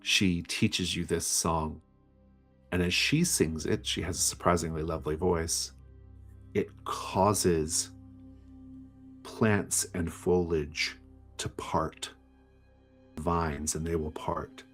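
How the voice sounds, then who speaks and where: Male game master, slow and low: measured, descriptive narration. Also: steady tone, a bit bright, faint music behind.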